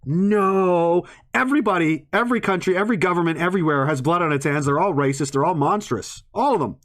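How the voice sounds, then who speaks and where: A man's voice: high-pitched, brisk, a bit bright. A man in a ranting monologue to an audience, swearing often, rambling and breaking into laughs mid-sentence.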